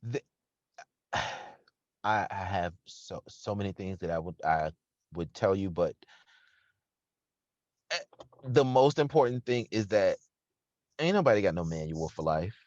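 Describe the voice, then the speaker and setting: A man, an interview guest who owns a restaurant, talking in an earnest, reflective way with bursts of lively laughter. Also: low-pitched, a little slow, long pauses, no echo. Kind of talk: casual conversational interview. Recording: slightly dull, dry sound.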